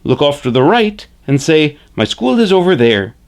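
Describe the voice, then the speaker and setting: A man's voice: fairly high pitch, very animated, voice pushed up. A man voicing Frederick, a friendly male hand puppet who teaches puppetry basics on camera in a chipper way, often tagging "eh?". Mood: instructive. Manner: chipper, says "eh?" a lot, slow and deliberate.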